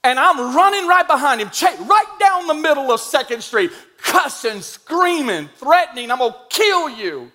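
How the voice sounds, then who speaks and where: Middle-aged male preacher, high forceful voice, lively funny storyteller, faint music behind. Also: moderate pace, hardly any pauses. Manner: animated, humorous, emphatic retelling. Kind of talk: storytelling sermon.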